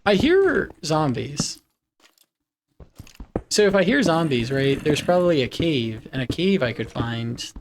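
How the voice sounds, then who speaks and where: A man's voice: fairly high pitch, big pitch swings, unhurried, noisy background. A man chatting casually with his viewers on a live game stream, laughing often.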